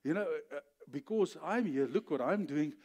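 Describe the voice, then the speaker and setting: A male pastor with a high voice preaches in an animated storytelling way. He acts out the voices of the figures, keeps checking in with his listeners, and builds to forceful, emphatic peaks. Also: normal speed, slightly rough. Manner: checks in with "okay?" often. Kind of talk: sermon.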